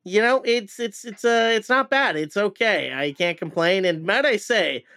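A man's voice: sits high, expressive, moderate pace, bright, forceful tone, no echo. A man co-hosting a podcast in loose, rambling, joking casual chat, recorded in a shed. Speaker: podcast co-host. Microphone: home recording setup in a shed.

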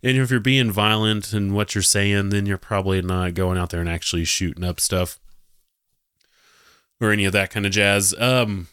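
A man with a very low voice hosts a casual commentary podcast. He sounds mocking and sarcastic and stumbles over restarts. The recording is dry, with no room sound. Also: fairly even intonation, moderate pace, fairly bright tone, clean tone, dry recording. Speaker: podcast host.

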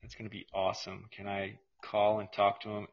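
Excitable, husky-voiced male podcast host. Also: on the low side, fairly quick. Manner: excitable, swears casually, says dude. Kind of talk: casual chat. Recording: slightly muffled lo-fi audio.

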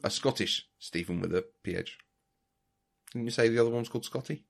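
A man's voice: medium pitch, fairly quick, vocal fry. A man co-hosting a podcast in casual chat, thoughtful and easygoing. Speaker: podcast co-host.

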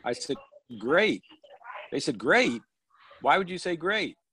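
A man's voice: on the high side, big pitch swings, slow, a bit bright, a little hiss or hum, rough recording. Man telling a dry-humored anecdote. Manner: dry punchline delivery. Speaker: professional speaker. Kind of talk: storytelling anecdote. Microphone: phone or video call.

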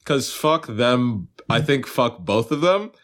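A man co-hosting a podcast in casual chat, animated, profane and teasing. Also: medium pitch, takes it slowly. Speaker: podcast co-host.

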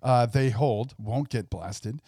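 A man's voice: mid-range voice, slow pace, mellow, no echo, studio quality. A man co-hosting a casual podcast, reading a letter aloud with mocking commentary. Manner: reads a corporate letter aloud in a mock voice. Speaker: podcast co-host.

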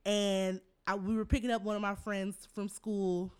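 A woman's voice: medium pitch, flat delivery, moderate pace, clear, resonant tone. A young adult woman co-hosting a podcast, telling a story in casual chat, laughing often and acting out the quotes. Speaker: podcast co-host.

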